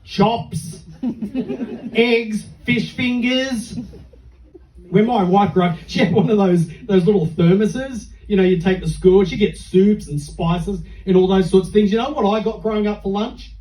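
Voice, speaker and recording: A middle-aged Australian man works through a stand-up set with dry, self-mocking storytelling. His voice sits high but sounds mellow. It is picked up from far off in an echoey comedy club. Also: moderate pace, few pauses, slight background noise.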